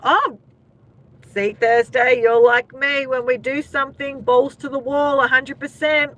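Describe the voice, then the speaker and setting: A woman's voice: high-pitched, steady tone, a little slow, a bit bright, lo-fi sound. An Australian woman hosting a casual live chat, laughing often and talking to her viewers by name. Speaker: livestream host.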